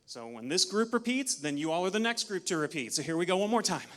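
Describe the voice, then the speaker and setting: A man giving an energetic, interactive talk at a conference, leading the audience through counts, a little out of breath. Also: sits high, fast. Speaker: conference speaker. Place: large conference hall. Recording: long hall reverb.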